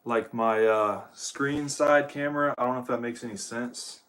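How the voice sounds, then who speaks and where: A young man from Ohio, in the United States, speaks at normal speed in a mid-range, slightly bright voice with fairly even intonation. As a livestream host, he sets up his gear while rambling to viewers, swearing, and calling them "dude."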